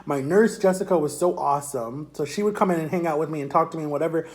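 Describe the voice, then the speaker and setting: A man's voice: a little high, quick pace. Rambling young man vlogging his story. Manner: rambling, repetitive, animated retelling. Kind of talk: casual storytelling to camera.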